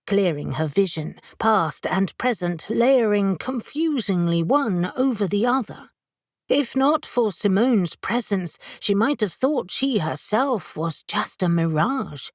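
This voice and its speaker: A woman narrating an audiobook in a measured way, giving each character a voice. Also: medium pitch, dry recording, studio quality. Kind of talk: scripted narration.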